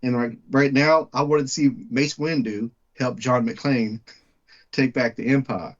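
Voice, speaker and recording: A man's voice: mid-range voice, measured pace. A man, co-hosting a casual movie-review podcast and talking animatedly. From Texas. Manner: animated, jumps into quoted voices, laughs often. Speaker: podcast co-host. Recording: dull lo-fi podcast audio.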